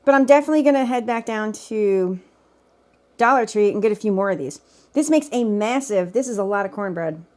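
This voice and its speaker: A woman's brisk, darkish mid-range voice carries lively intonation as she cooks at home. Off camera and captured by the camera mic, the vlogger keeps up casual, spontaneous commentary, tasting as she goes and teasing herself.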